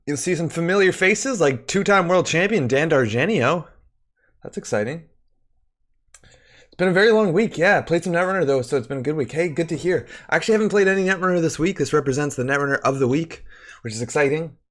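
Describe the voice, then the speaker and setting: A man's voice: a little high, expressive, brisk, fairly bright tone. A man hosting a live stream, chatting about a card game and greeting viewers by name, slightly out of breath. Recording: faint music behind.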